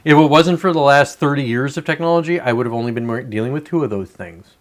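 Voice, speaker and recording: A man's voice: medium pitch, fast talker. A man ranting on a casual livestream, frustrated and profane, rambling with many restarts. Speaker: livestreamer and real estate agent.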